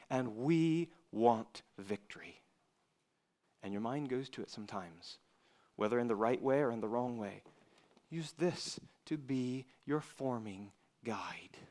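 A male preacher giving an earnest sermon to young people, swinging between loud emphasis and quiet asides. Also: medium pitch, unhurried.

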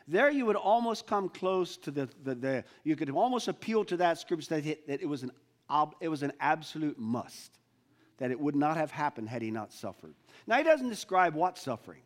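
A man with a notably high voice preaches a sermon in an earnest, searching way. He often stops and restarts his sentences as he works through a question before his congregation. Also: sing-song, moderate pace. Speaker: pastor.

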